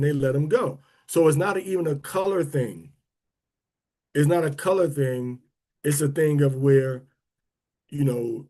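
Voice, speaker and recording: A man's voice: on the high side, normal speed, warm tone. A man, talking casually to an online audience, rambling with restarts and drawling words for emphasis. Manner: rambling and conversational, with many restarts. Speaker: speaker of a prayer and teaching livestream.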